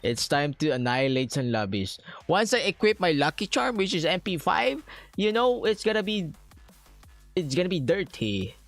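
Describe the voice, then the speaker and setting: A man's voice: fairly high pitch, big pitch swings, moderate pace, fairly bright tone, soft background music. A young man giving live commentary as he plays a shooter. He talks to his chat in an annoyed, swearing way. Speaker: streamer.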